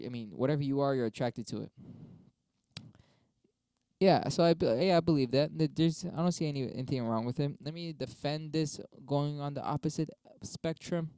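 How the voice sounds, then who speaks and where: A man's voice: a little high, mellow, clean tone, no room sound. A young man talking casually on a stream, arguing both sides of debate prompts with himself in a rambling, profane way. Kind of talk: casual solo monologue.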